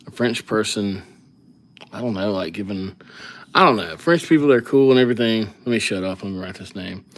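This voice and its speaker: A man hosting a live calligraphy stream, chatting casually and rambling as he thinks aloud between names. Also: medium pitch. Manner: rambling, easygoing, thinks aloud while writing. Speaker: livestream calligraphy host.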